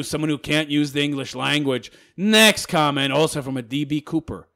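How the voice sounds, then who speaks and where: A channel host reacting to viewer comments in a sarcastic, mocking manner, laughing often. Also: male voice, a little high, normal speed, few pauses, bright, forceful tone.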